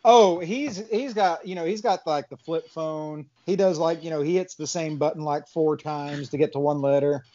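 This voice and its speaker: A man's voice: fairly high pitch, normal speed, hardly any pauses, a crowd in the background. A man running a tabletop game as game master, chatty and laughing often, in a slightly muffled recording.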